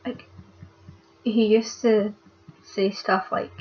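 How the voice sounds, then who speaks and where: A young woman, speaking haltingly and with many fillers as she talks upset into her camera for a vlog. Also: mid-range voice, level tone. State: upset and hurt. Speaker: vlogger. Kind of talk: casual confessional vlog. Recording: dull lo-fi webcam audio.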